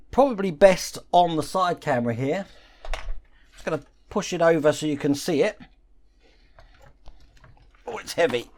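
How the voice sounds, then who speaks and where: A man walks through a model-building tutorial one step at a time, talking while he works with his hands. His voice sits a little higher than most men's. The delivery is calm and explanatory. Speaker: model-building channel host.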